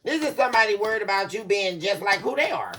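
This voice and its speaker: Animated woman giving a tarot reading. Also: mid-range voice, fast talker, a little hiss or hum. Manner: animated, laughing, addresses viewers as y'all. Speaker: tarot reader. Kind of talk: casual psychic reading to viewers.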